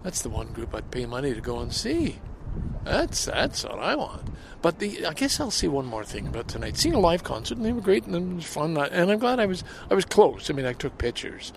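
Older man, gravelly, rambling vlog, outdoor phone recording, street noise. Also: a little high, big pitch swings, fairly quick. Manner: rambling, self-interrupting, talks to listeners. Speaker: vlogger and podcaster. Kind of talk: casual outdoor audio vlog. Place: outdoors in a city, at a station and on a bench. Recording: city street and vehicle noise.

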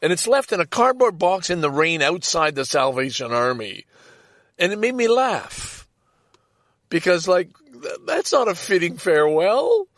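A man's voice: high voice, very animated, a little slow, a bit bright, dry recording, clean studio sound. A middle-aged man telling a personal story in an emotional, casual monologue, often talking to himself. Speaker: podcast host.

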